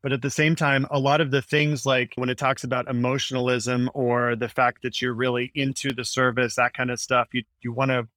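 Male pastor guest, mid-pitched, sincere and reflective, dry close sound. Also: little pitch movement, brisk, few pauses, fairly bright tone, no room sound. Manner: earnest, thoughtful, explaining. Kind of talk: casual podcast discussion.

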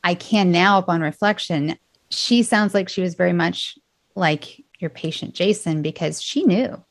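Low gravelly-voiced woman podcast host. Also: a little slow, no echo. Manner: warm-hearted, openly emotional, conversational. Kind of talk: podcast interview.

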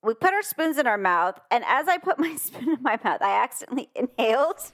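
A woman's voice: a little high, very animated, fairly quick, a bit bright. A middle-aged woman co-hosting a podcast, telling a story in casual chat, laughing often and acting out her own lines. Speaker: podcast co-host.

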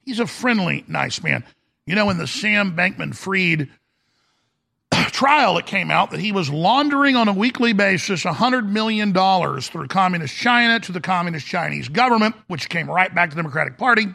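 A man's voice: high-pitched, animated, normal speed, creaky, bright, forceful tone. A man hosting a talk show, delivering a sarcastic, combative rant. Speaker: talk radio host. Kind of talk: ranting talk show monologue.

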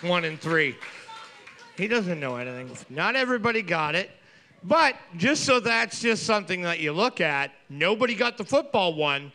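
Gravelly, bright-voiced man bantering. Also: high-pitched, expressive, normal speed. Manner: sarcastic, tells comic tangents. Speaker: trivia co-host. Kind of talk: casual banter.

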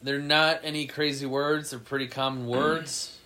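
A man's voice: medium pitch, level tone, moderate pace, sharp tone. A young man co-hosting a sports podcast, teasing the others in casual banter. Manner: teasing, drops playful hints. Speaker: podcast co-host.

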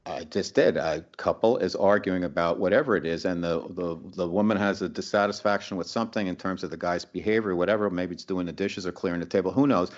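Deep-voiced man, halting interviewer. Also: dull audio. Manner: halting, many fillers and restarts, plays out examples. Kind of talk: casual conversation.

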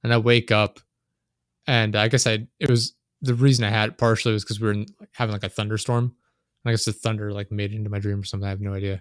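Talking fast and flatly in a lowish voice, a young podcast host rambles through casual chat, cursing and leaning heavily on "like." His desk microphone gives a clean studio sound with no room sound.

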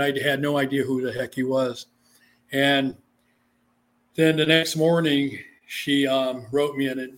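A middle-aged man, an author and interview guest, telling stories in a lively way and acting out the voices of the people in them. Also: mid-range voice. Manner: animated, acts out the voices in his stories. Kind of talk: storytelling in an interview.

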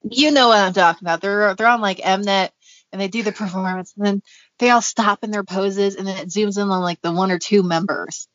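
A woman's voice: mid-range voice, steady tone, brisk, fairly bright tone, dry recording, highs cut off. A woman co-hosting a podcast in a casual, chatty way, giggling often and using many fillers. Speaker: podcast co-host. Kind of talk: casual chat.

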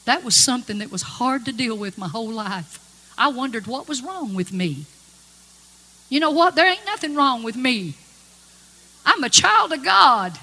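A woman's voice: on the high side, big pitch swings, normal speed, pushed and bright. A woman giving earnest, folksy spoken testimony to a congregation in a hall. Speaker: gospel singer giving testimony. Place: church or conference hall. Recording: long-reverb hall with music.

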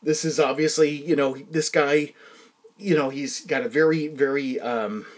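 A man hosting a solo podcast, telling rambling, self-deprecating stories with frequent restarts and quiet muttered asides. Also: on the high side, steady tone, unhurried. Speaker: podcast host.

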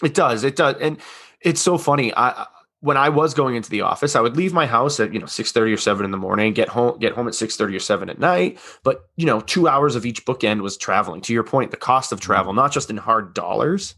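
A man's voice: medium pitch, expressive, fairly quick, sharp tone. A man working in sales, a podcast guest, chatting casually and telling anecdotes with a laugh.

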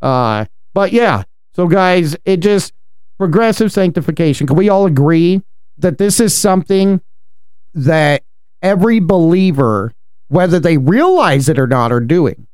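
A man's voice: a little high, lively intonation, unhurried, darkish tone, smooth, dry recording, studio quality. A man co-hosting a casual faith discussion, talking earnestly and animatedly and laughing often. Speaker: podcast co-host.

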